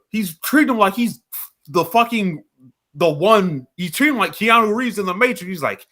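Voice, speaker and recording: A man on a casual podcast, ranting with lots of swearing and an animated, worked-up delivery. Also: high-pitched, normal speed. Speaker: podcast co-host.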